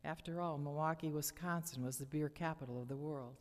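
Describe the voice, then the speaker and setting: An older woman reading her personal memoir aloud at a lectern, with measured, dramatic storytelling. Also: deep voice, a little mellow. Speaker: memoir reader. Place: church hall lectern. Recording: long church hall reverb.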